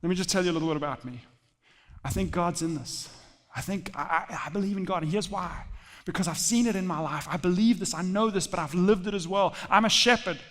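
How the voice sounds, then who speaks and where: A man voicing an earnest young shepherd boy who eagerly and quickly pleads his case, in a reverberant church hall. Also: high-pitched, fairly bright tone.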